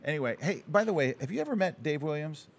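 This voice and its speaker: A man's voice: a little high, sing-song, quick pace. Guy host doing casual interviews at a conference, teasing banter, voice jumps all over the place. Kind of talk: casual convention-floor interview. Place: indoors at a busy photography conference. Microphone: handheld mic.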